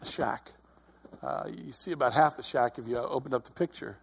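Husky-voiced man preaching. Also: mid-range voice, moderate pace. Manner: earnest, conversational, repeats words often. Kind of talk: sermon.

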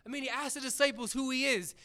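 High, bright-voiced man preaching casually. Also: steady tone, fast talker. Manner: earnest, conversational, retells scripture in everyday paraphrase. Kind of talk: casual sermon retelling scripture.

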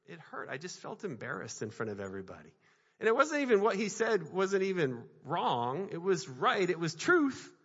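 A man giving a sermon, fairly high in pitch for a man, speaking earnestly and often repeating his phrases as he tells a personal story. His voice carries a long hall reverb, and the sound is slightly dull. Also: big pitch swings, moderate pace, fairly bright tone, husky. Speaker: minister.

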